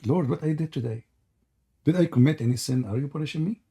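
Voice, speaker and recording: A man's voice: fairly high pitch, fast talker, dark tone, breathy edge. A man hosting a live debate stream, talking in a sarcastic, laughing, sing-song taunting way, nearly losing his voice after hours of talk. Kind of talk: mocking live debate chat.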